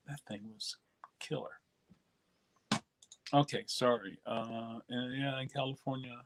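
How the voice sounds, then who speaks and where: A man hosting a record-selling live stream, chatting casually and answering viewer comments, relaxed and rambling with many fillers. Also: medium pitch.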